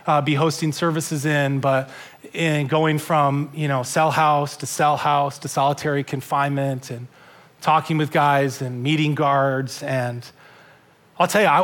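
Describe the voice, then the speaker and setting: A man's voice: on the high side, fairly even intonation, moderate pace, a bit bright. A male pastor delivering a church sermon in an earnest way, often repeating and restarting words.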